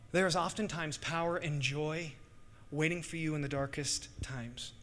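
A middle-aged male pastor preaching with real fervor, his voice sitting high and sounding bright and forceful. He drops to hushed stretches, then surges into loud bursts. A long reverb trails after him, like a big church hall. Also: fairly even intonation, moderate pace. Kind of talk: sermon.

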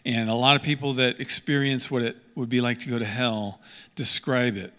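Man, pastor, sermon, earnest, emphatic, repeats himself, forceful tone, long echo of a large church. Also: medium pitch, fairly even intonation, moderate pace, smooth. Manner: earnest, emphatic, repeats key lines, stumbles and restarts.

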